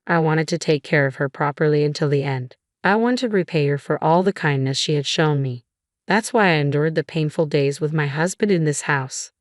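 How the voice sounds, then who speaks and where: Low-voiced woman narrating a story. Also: no echo, clean studio sound. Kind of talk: first-person story narration.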